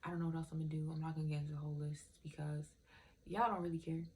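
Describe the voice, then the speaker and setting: A woman's voice: low voice, little pitch movement, rapid-fire, a little mellow, slight background noise. A young woman vlogger in casual, candid chat, rambling and swearing freely.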